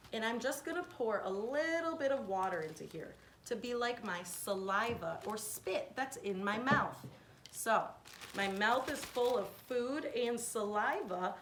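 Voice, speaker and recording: A woman's voice: on the high side, fairly bright tone, slight background noise. Woman teaching kids in an echoey room. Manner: clear, patient step-by-step explaining. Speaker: science teacher. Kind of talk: kids' science lesson.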